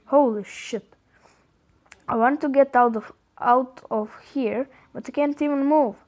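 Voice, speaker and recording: A man with a Croatian accent reading the texts of a frightened young woman lost in dark woods, in a panicky, breathless way. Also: extremely high pitch, a little slow. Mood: panicked.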